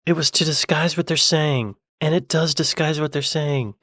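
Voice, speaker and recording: A man's voice: a little high, steady tone, normal speed, a bit bright, no room sound, studio quality. An American man hosting a reaction channel, thinking aloud and asking puzzled questions in casual commentary. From United States.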